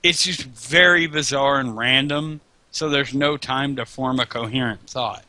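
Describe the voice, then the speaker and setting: A man's voice: mid-range voice, measured pace, pushed and bright, dry recording. A man chatting casually over a game, joking and swearing as he rambles. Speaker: host. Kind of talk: casual chat over gameplay.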